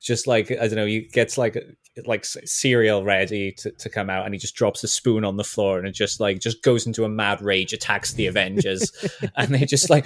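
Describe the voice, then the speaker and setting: A man co-hosting a casual podcast chat, laughing often and breaking into shouted villain impressions. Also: lowish voice, brisk, dry recording, studio quality. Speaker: podcast co-host.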